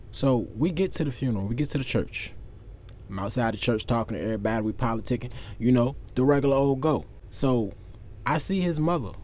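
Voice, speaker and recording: A man's voice: lowish voice, a little mellow. A young man telling a personal story to his viewers in a candid, profane, conversational way. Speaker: vlogger. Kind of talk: casual storytelling.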